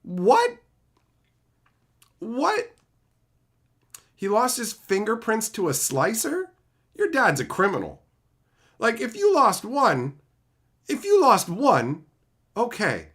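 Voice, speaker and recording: A man ranting profanely on a livestream while reading chat comments, swinging between loud outbursts and low mutters. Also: huge pitch swings, slow, pauses often, breathy edge. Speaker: streamer reading live chat. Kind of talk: livestream rant.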